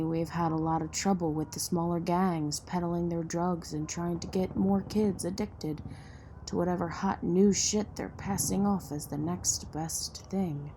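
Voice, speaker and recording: A woman playing a blunt, distrustful young woman from a poor neighborhood in an audio drama, sharp-tongued and sarcastic. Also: fairly low pitch, slight background noise.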